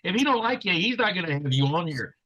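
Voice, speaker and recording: A man's voice: high-pitched, sing-song, fast talker, bright, forceful tone, a little hiss or hum, poor audio. A man speaking as a podcast guest in an earnest, heartfelt, almost preacher-like way. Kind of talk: casual podcast chat.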